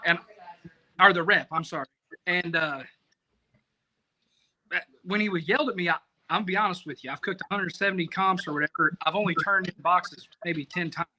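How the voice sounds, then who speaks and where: A man telling a rambling, profane story in casual podcast talk, animated and self-mocking. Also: high-pitched, fairly quick, rough recording. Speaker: competition barbecue cook, podcast guest.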